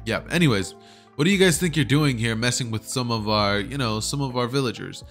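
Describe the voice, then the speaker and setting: A man voicing a brash, cocky teenage boy ninja who talks loud and teasing, his voice pushed higher than his own. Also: brisk, soft background music, lightly acted.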